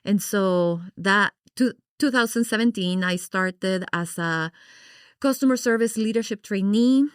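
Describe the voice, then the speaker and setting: A middle-aged woman from Guatemala, a podcast guest, telling her story in an animated, expressive way and acting out her past reactions. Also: medium pitch, a little slow, clean tone, dry recording, clean studio sound. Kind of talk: personal storytelling in an interview.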